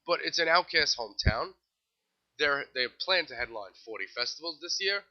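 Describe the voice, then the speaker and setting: Here a young man from New York City, his voice a little high and animated, moves at a moderate pace through festival lineups on his casual music news show. Wry, offhand remarks pepper the lists in this solo commentary, captured in slightly dull lo-fi audio.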